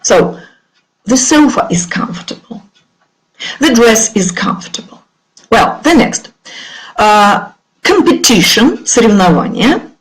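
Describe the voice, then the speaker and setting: A Russian-accented woman teaching English online, her voice sitting a little high. She reads word pairs slowly, as if dictating, and her intonation rises and falls a lot. She moves easily between English and Russian. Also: big pitch swings, rough recording. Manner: slow, careful dictation-like delivery of word pairs. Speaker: English teacher leading a webinar. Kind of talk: online vocabulary lesson.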